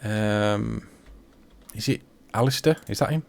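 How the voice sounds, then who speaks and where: A man's voice: fairly low pitch, measured pace, creaky, darkish tone, a little hiss or hum. A man giving casual commentary while playing a farming game, chatty and thinking aloud to himself. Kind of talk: casual let's-play commentary.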